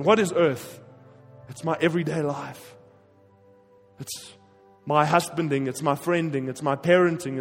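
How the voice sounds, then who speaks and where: A man preaching a sermon with passion, his voice swinging between forceful emphasis and quiet, hushed stretches. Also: fairly high pitch, in a large hall. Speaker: pastor.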